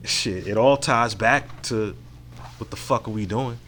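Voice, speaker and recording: A man's voice: on the low side, unhurried, a bit bright, a little hiss or hum. Frank, profane man hosting a solo podcast. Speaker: podcast host. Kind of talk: casual solo podcast monologue.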